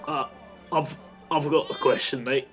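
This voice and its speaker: A man's voice: mid-range voice, fairly even intonation, measured pace, a bit bright, soft background music. A man playing a tabletop game, haggling in character. He speaks hesitantly, with plenty of fillers and friendly asides. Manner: hesitant, full of fillers, says mate. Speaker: player. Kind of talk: casual tabletop roleplay.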